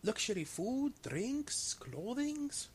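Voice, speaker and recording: A man's voice: mid-range voice, lively intonation, moderate pace, close to an everyday voice. A man voicing a shifty male trader who talks in broken English, haggling and repeating his words. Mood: wheedling.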